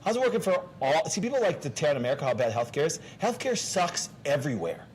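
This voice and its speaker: A man's voice: fairly high pitch, very animated, fast talker, darkish tone, slight background noise. A man hosting a casual health talk show as a doctor, talking emphatically, with restarts and rhetorical questions.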